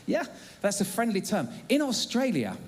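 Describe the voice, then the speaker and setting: A man's voice: high voice, huge pitch swings, normal speed. A man, preaching a sermon to a church congregation in a chatty, humorous way with plenty of ums and uhs. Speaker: pastor. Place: church auditorium.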